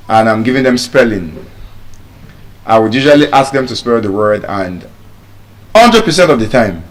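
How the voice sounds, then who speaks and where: Slow, deliberate Nigerian man teaching pronunciation. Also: mid-range voice. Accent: Nigerian English. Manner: deliberate, drills words by repeating them slowly. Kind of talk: live public speaking lesson.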